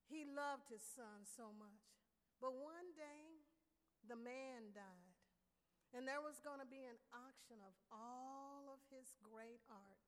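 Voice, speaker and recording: A woman's voice: high voice, slow pace. A woman preacher telling a story expressively and emphatically in a children's sermon. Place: large hall with audience. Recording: echoey hall.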